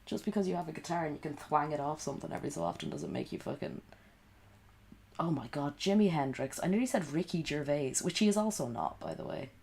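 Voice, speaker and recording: A woman's voice: low voice, animated, fast, vocal fry, darkish tone, a little hiss or hum. A woman streaming from home at night while sick and coughing, rambling in sweary, sarcastic casual chat. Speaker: livestreamer.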